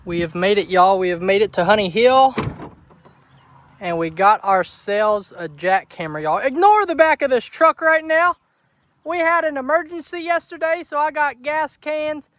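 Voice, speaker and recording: A chatty young man talks to his vlog audience outdoors, his voice bright and forward. He repeats phrases and keeps calling the viewers y'all. Crickets and insects chirp in the background. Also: very high-pitched, normal speed, dry recording. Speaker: homestead vlogger. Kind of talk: casual vlog talk to camera. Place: outdoors on a rural homestead.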